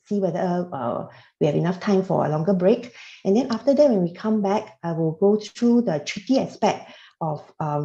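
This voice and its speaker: A woman lecturing on tax to a class over a video call, her voice low-set and mellow. She stumbles often, filling gaps with "uh" and "um" and restarting phrases. The audio is roomy and dull, like a laptop mic in an echoey room. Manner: hesitant, many fillers and restarts. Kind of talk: online lecture. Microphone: computer mic on a video call.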